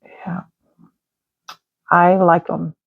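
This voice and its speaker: Woman, rambling casual chat, slow, gravelly, tinny phone-like sound, dry. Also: on the low side, completely flat delivery, dry recording. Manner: rambling, chatty, drifting into murmurs. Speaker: art channel host. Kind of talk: casual chat while coloring.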